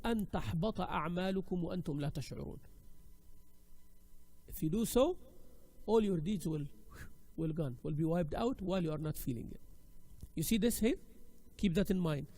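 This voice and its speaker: A man teaching a class in a lively, conversational way, acting out examples as he goes. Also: a little high, normal speed, pauses often. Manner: animated and conversational, acts out examples. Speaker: Islamic studies teacher. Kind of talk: classroom lecture.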